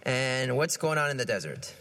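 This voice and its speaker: A man's voice: mid-range voice, sing-song, normal speed, pushed and bright. A man giving a conversational homily, asking his listeners questions and often repeating his words as he goes. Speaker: preacher.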